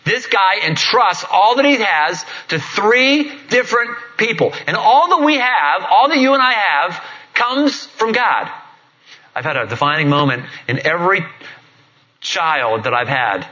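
A man's voice: high-pitched, animated, measured pace, sharp tone. A middle-aged man, a pastor preaching a sermon in a conversational, jokey storytelling manner. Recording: dull lo-fi recording.

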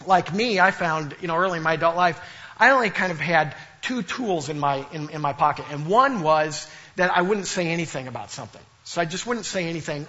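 A middle-aged man preaches with a high, bright, forceful voice, and he plays the characters in his stories with broad, comic imitation. The recording is muffled and a little dull. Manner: storytelling with playful, exaggerated imitations. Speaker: pastor. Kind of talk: sermon.

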